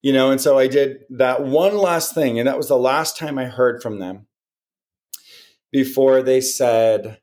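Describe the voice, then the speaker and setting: In this clip a man with a medium-pitched voice speaks at an unhurried pace. He's co-hosting a podcast and, in casual conversation, tells an animated story, acting out what other people said.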